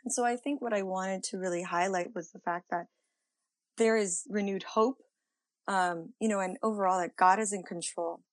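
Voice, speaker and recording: A young woman answering interview questions thoughtfully, pausing often with fillers. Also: medium pitch, fairly even intonation, dry recording, poor audio. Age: young adult. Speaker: guest.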